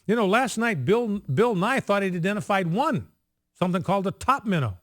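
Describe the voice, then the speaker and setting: A man talking on the radio in an emphatic, insistent way, repeating his key points again and again. His voice sits high and swings widely in pitch. The studio sound is dry and close. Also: very animated, a little fast, fairly bright tone, no echo. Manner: emphatic, repetitive, insistent, drills points by repetition. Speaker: radio host. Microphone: studio microphone.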